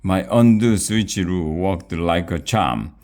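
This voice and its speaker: A man's voice: low voice, slow, a little mellow. A man reading aloud, voicing a fussy male wizard who gives orders and chants a spell. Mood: bossy.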